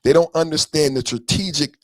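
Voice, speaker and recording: A young man on a podcast ranting about politics in a slightly high, fired-up voice. He swears, uses slang and hammers the same lines again and again. The sound is dry and close. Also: fairly quick, dry recording. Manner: ranting, repeats lines for emphasis; profane and slangy. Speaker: podcast host. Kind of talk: heated political commentary.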